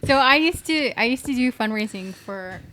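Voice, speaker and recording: A woman's voice: a little high, animated, moderate pace, bright, forceful tone. A woman guest on a podcast, speaking casually and hesitantly, often restarting sentences.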